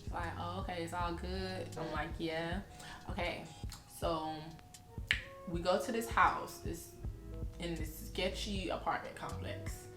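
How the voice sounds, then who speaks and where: A woman's voice: fairly low pitch, unhurried, echoey room, over music. A young woman, casually telling a storytime and acting out both sides of the talk. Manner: animated retelling, acts out both sides of the talk. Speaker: vlogger.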